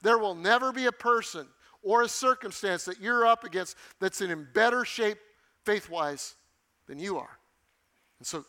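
A man preaching from the pulpit, his voice sitting high for a man and ringing bright. He leans hard on key phrases and repeats them for emphasis, in the measured, emphatic way of a seasoned pastor. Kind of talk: sermon.

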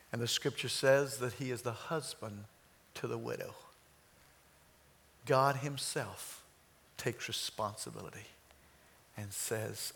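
A man in his sixties preaching, telling stories and slowing down on key phrases. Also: mid-range voice, vocal fry, a bit bright. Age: 60s. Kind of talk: sermon storytelling.

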